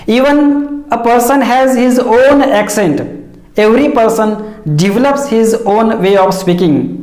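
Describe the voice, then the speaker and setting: A woman giving a measured, explanatory lesson, repeating key phrases. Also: a little high, a little mellow. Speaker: English teacher. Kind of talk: instructional lecture. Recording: echoey room.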